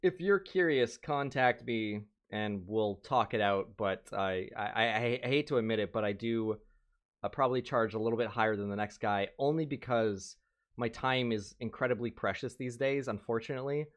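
A man's voice: mid-range voice, normal speed. Rambling, profane young man chatting. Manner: rambling, profane, jokey, slips into mocking voices. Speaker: interview guest, video editor. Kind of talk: casual chat.

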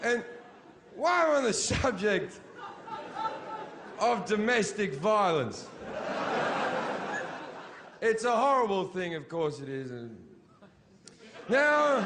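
Blunt Australian man, high voice. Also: slow, long pauses, background noise. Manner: blunt, profane, deadpan delivery. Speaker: stand-up comedian. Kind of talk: stand-up comedy set. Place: comedy stage before an audience.

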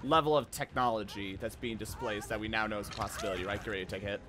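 A man's voice: lowish voice, fairly even intonation, racing, noisy background. A man streaming a horror game, chatting casually with a friend and swearing freely as he plays. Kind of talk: casual gaming chat.

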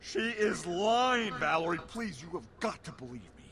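A man's voice: high voice, very animated, normal speed, crowd noise. A man voicing a whiny, arrogant male corporate schemer in a video game, talking in a pleading and indignant way.

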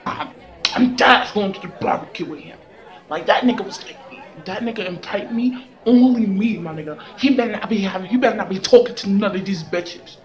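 A woman's voice: mid-range voice, a little fast, highs cut off, some chatter behind, natural voice. A young woman voicing a boastful teenage schoolgirl who talks in slang and swears freely. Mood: bragging. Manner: slangy, profane, bragging. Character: boastful teen schoolgirl with a crush.

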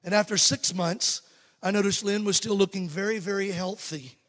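High-voiced Southern evangelist telling jokes. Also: male voice, moderate pace, big-room sound. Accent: Southern American. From Alabama. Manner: animated, joking with the crowd. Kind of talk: sermon storytelling. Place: church sanctuary.

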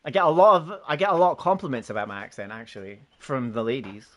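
A man's voice: mid-range voice, sing-song, fast, a bit bright. A man casually chatting on a gaming live stream, joking, swearing and laughing often as he banters with friends and chat.

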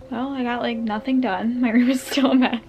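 Young female vlogger, breathless and giggly, gravelly edge. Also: on the high side, fairly even intonation, moderate pace, highs cut off, background noise. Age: young adult. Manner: bubbly, chatty, giggly. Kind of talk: casual vlog chat. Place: home bedroom.

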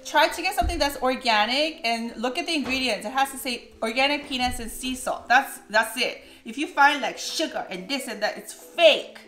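A woman's voice: sits high, moderate pace, few pauses. A woman hosting a casual cooking vlog, chatting playfully and talking straight to her viewers in a home kitchen. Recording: echoey room with background music.

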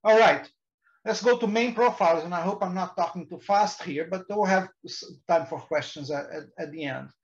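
A man's voice: high voice, normal speed, muffled recording. A man giving a technical presentation to engineers, often restarting words and using fillers. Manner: hesitant, frequent restarts and fillers.

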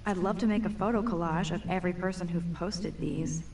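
A woman's voice: lowish voice, brisk, a little mellow, close to an everyday voice. A woman voicing a wry, self-deprecating young female student in a video game, speaking in dry muttered asides. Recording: distant game audio, faint noise.

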